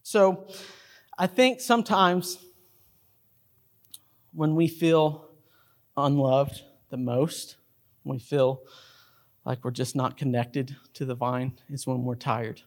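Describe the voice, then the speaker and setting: A man's voice: takes it slowly, long pauses. A middle-aged male pastor, preaching a sermon to his congregation and telling stories, acting out characters along the way. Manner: storytelling, acts out movie characters in a high voice. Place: church sanctuary.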